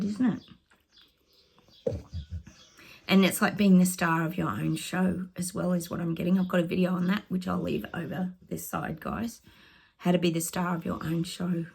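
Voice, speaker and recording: An Australian psychic vlogger does a casual oracle card reading to camera, chatting with her viewers. Her voice is lowish and husky, and she sounds excitable and conversational, constantly calling her audience "guys".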